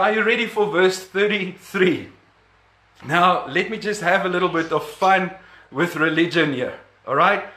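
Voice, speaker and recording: A man's voice: high-pitched, bright, forceful tone, echoey room. A man preaching a sermon, emphatic, repeating key words and chuckling between points.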